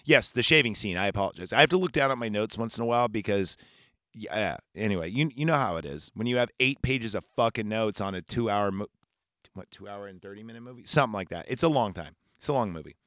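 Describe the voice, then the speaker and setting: A man's voice: lowish voice, animated, fast talker, a bit bright, dry recording, studio quality. A man recapping a movie on a podcast in a casual, rambling, profane and jokey way. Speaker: podcast host.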